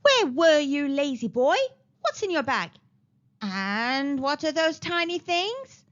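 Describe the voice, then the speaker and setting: A woman voicing a stern old grandmother who scolds loudly. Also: high voice, very animated, unhurried, exaggerated voice. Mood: scolding. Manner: loud and scolding. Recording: slightly dull lo-fi recording.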